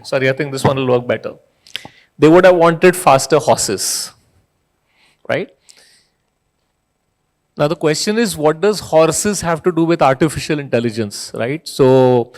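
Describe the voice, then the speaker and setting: A middle-aged man giving a conference keynote, talking in a conversational way and often tagging "right?" onto his points. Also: on the high side. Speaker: keynote speaker. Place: conference hall stage.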